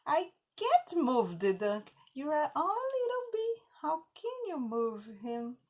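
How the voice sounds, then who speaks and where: A woman's voice: high-pitched, wildly swooping pitch, unhurried, darkish tone, pitched above the performer's own voice, exaggerated voice. A woman voicing a proud, boastful little boy in a storybook, speaking English as a Portuguese native. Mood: mocking. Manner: laughing and boastful.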